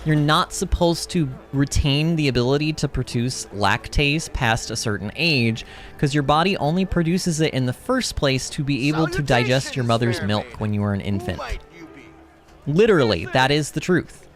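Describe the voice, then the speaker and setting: A man hosting a gaming livestream, chatting in a rambling, animated way, reading chat and laughing often. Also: medium pitch, normal speed. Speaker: livestream host. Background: game music.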